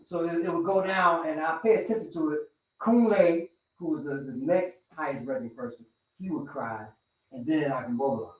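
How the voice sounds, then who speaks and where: A middle-aged man, a martial arts instructor and host, telling stories in casual chat and acting out other people's lines loudly. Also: fairly high pitch, normal speed. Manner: animated, acts out quoted voices loudly. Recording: roomy sound from a distant mic.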